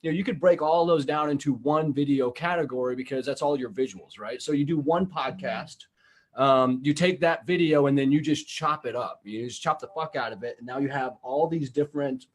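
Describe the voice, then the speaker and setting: A man chatting on a podcast in a loose, blunt way, full of fillers and the odd curse. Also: a little high. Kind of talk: casual podcast chat.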